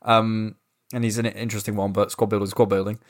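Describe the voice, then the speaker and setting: A man's voice: on the low side, a little fast. A man co-hosting a football podcast, ranting in casual, sweary chat. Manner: animated, swearing, ranting, restarts. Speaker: podcast co-host.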